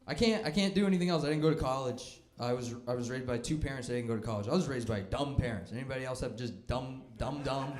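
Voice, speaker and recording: A man's voice: medium pitch, quick pace, hardly any pauses, a little mellow. A young man doing a stand-up comedy set, with a dry, self-deprecating and mocking delivery. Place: comedy club stage. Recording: echoey club room.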